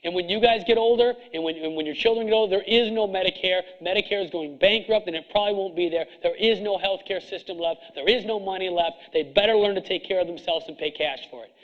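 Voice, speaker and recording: A middle-aged man with a high voice lectures a seminar crowd in a blunt, hard-driving way, stacking up rhetorical questions. The recording is dull and lo-fi. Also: fast, hardly any pauses. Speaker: chiropractor coaching other chiropractors. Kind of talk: seminar speech to an audience.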